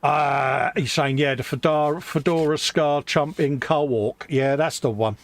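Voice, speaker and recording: A man's voice: a little high, unhurried. A man co-hosting a hobby live stream, bantering and teasing in a laid-back way. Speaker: co-host of a model-building live stream. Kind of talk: casual chat.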